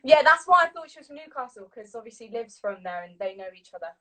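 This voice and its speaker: A woman's voice: a little high, big pitch swings, fast talker, bright, forceful tone, slight background noise, low-quality recording. A woman hosting a casual phone livestream, chatty and reading viewer comments aloud. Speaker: host of a livestream. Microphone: phone on a video livestream.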